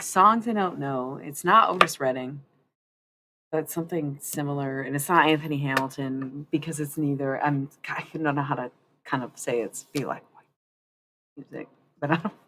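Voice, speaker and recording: A woman's voice: rumbling low, normal speed, noisy background. A woman chatting casually on a live stream, rambling and candid, swearing freely. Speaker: livestreamer.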